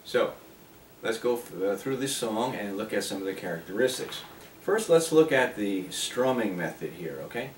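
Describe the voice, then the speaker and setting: A man's voice: on the low side, lively intonation. A man teaching a guitar lesson, explaining chords and strumming while he plays, sometimes singing a line. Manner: unhurried, explains while playing, breaks into singing. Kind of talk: relaxed guitar lesson, talking and singing along. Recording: roomy sound, mic at a distance, loud guitar. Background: his own guitar playing.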